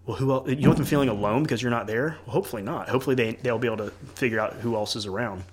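A man's voice: medium pitch, rapid-fire, husky. A man who is a church leader and parent, talking earnestly in a casual podcast conversation and acting out quoted dialogue.

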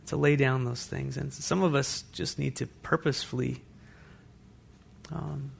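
A man preaching a sermon as pastor to a congregation in a church, animated, with asides to the listeners. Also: mid-range voice, creaky, slight background noise.

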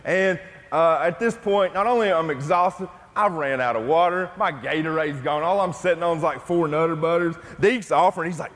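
Talking fairly quickly with hardly any pauses, this middle-aged man has a fairly high-pitched voice as he preaches from the pulpit of a church sanctuary, the sound washed in long reverb. His sermon opens with a conversational personal story, moves on to the gospel, and ends hushed and intimate in prayer.

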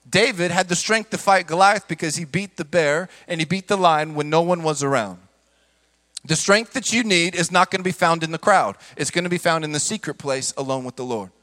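A man's voice: a little high, fairly bright tone, long reverb tail. A man preaching a sermon as pastor, with impassioned delivery. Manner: impassioned preaching, acts out quoted voices.

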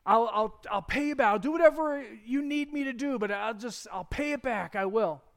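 A man's voice: very high-pitched, moderate pace, gravelly. A man voicing a desperate male servant who stammers as he pleads with his master. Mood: pleading.

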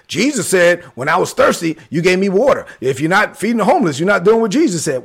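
A man with a Brooklyn accent preaching and telling a story, acting out quotes with bursts of shouting. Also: high-pitched, brisk, creaky, few pauses, breathy edge. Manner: animated storyteller, acts out quotes, sudden shouts. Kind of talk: sermon-style storytelling. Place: livestream with chat.

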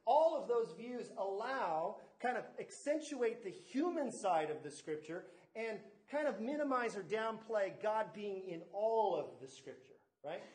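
Male pastor, high voice, sermon in an echoey church hall, stresses key words. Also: lively intonation, unhurried, few pauses, a little mellow. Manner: teaching with stress on key words and asides to the congregation. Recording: echoey room.

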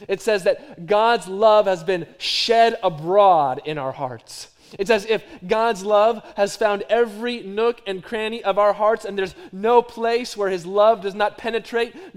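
A middle-aged man with a high-pitched voice preaches a sermon. His delivery moves between quiet, dropped phrases and louder emphatic runs of repetition. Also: smooth. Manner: varies from hushed to loud, repetitive emphatic phrasing. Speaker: pastor.

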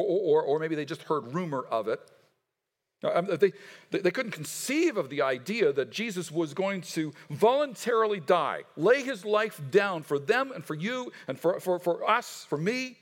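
Animated man preaching in a reverberant hall. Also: a little high. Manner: animated, stammering restarts, acts out quoted voices. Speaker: pastor. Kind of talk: sermon.

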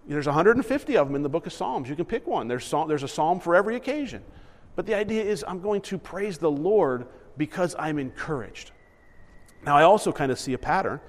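A man's voice: high-pitched, animated, fairly quick, in a large hall. A man in his thirties giving a conversational sermon as a pastor, dropping into other voices for quoted lines. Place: church sanctuary.

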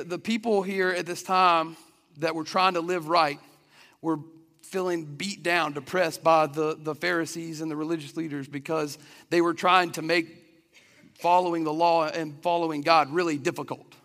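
A man's voice: a little high, fairly even intonation, moderate pace, a bit bright. A man preaching a sermon in an earnest, conversational way, often restarting his sentences. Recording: long reverb of a hall.

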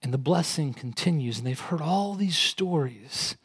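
A man's voice: animated, moderate pace, husky. A male pastor preaching a sermon, explaining scripture conversationally and rising in intensity for emphasis. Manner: rises in pitch and intensity when quoting and emphasizing.

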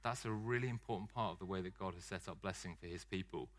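A man's voice: sits low, fast talker. A man preaching a sermon in a conversational style, joking and poking fun at himself. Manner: conversational, joking, self-deprecating.

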